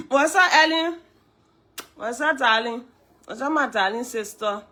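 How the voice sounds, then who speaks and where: Hoarse Liberian woman with a bright, high voice. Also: expressive, unhurried. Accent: Liberian English. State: hoarse from a cold. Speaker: live stream host. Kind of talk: live stream commentary, greeting viewers.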